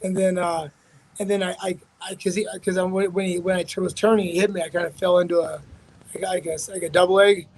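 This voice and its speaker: In a low-quality recording, a fighter speaks briskly in a high, fairly monotone voice during an interview. He tells a casual story in a rambling, profane way, restarting many times.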